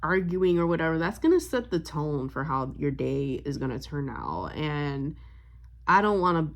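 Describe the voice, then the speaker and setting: A woman's voice: low voice, big pitch swings, moderate pace, vocal fry. A woman in her twenties telling a personal story on her vlog, rambling and emotional, smiling as she talks with lots of fillers. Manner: rambling, heavy on fillers, loses her train of thought; emotional and upbeat, smiling while talking. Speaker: vlogger and spiritual reader. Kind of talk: casual storytime chat.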